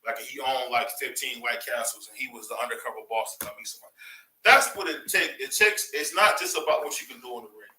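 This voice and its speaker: A man hosting a boxing talk show, ranting in a casual, excitable way and firing off rhetorical questions. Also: mid-range voice, fast, reverberant, distant mic, rough recording. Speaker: boxing commentary host. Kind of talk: casual opinion commentary.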